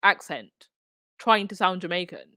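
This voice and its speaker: Hosting a commentary livestream, a woman with an Essex accent chats casually as she reads articles and viewer comments aloud, restarting often and using lots of fillers. Her lowish voice sounds pushed and bright at a normal pace. The audio is studio quality with no echo.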